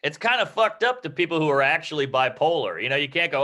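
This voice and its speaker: Bright-voiced man talking comedy writing. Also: fairly high pitch, lively intonation, fast talker, few pauses. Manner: rambling, profane, acts out quoted voices. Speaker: comedy teacher. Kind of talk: casual comedy-writing chat.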